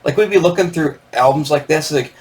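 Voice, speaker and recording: A man's voice: on the high side, fairly quick, darkish tone. A man in his fifties from Michigan, hosting a podcast in a rambling, digressive monologue full of fillers. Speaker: podcast host. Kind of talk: casual nostalgic monologue.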